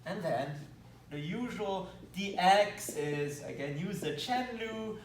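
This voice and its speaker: Belgian-accented guy teaching math, bouncy up-and-down voice, slow and careful, roomy echo from a ways off the mic. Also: high voice, animated, slight background noise. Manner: enthusiastic, playful asides. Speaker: math lecturer. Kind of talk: whiteboard math lecture. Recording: echoey room, mic at a distance.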